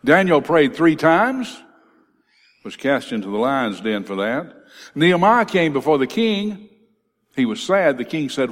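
A man preaching a sermon in a church, lifting his voice on scripture quotes and dropping low on key words. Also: big pitch swings, measured pace. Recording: reverberant hall.

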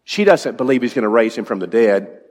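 A man's voice: mid-range voice, lively intonation, brisk, a little mellow. A male preacher giving an evening sermon in a conversational way, asking his congregation questions. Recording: long reverb in a large hall.

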